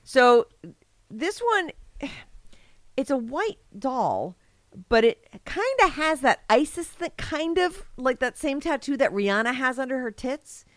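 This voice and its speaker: A woman's voice: high-pitched, big pitch swings, a little slow, no echo. Woman podcast host, gushing and rambling, casual crude banter, dry close mic. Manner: enthusiastic, rambling, laughs often. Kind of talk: casual crude comedic chat.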